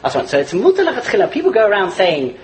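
A man teaching a Torah class in a lively lecture, chuckling as he explains and mixing Hebrew and Yiddish terms into his English. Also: high voice, quick pace, a little hiss or hum, low-quality recording. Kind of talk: animated religious lecture.

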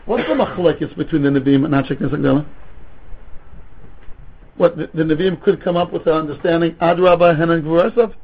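High, husky-voiced man teaching Talmud. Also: a little fast. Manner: animated, mixes Hebrew and Yiddish terms into English. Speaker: rabbi teaching a Talmud class. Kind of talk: lecture with rhetorical questions and stories. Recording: tinny phone-like recording.

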